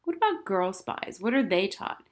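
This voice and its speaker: A kindly, sensible nanny talks a child round with patient logic, as a woman reader puts her on. The voice is close to the reader's own, even and reasonable. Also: medium pitch, moderate pace, close to an everyday voice. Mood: persuasive.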